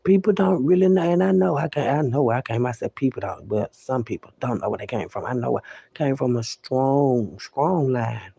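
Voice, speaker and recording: A man's voice: mid-range voice, lively intonation, moderate pace, vocal fry, dark tone, slightly rough, no room sound. A man talking straight to the listener in a casual, profane, emphatic monologue, often repeating himself. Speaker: vlogger.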